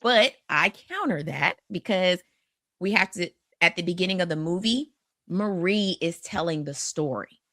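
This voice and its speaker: A woman with a slightly low voice talks through horror films on a podcast. She is animated, restarts her sentences often and acts out the lines she quotes. The sound is dry and close to the mic. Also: measured pace, no echo. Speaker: podcast co-host. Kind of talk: casual horror film discussion.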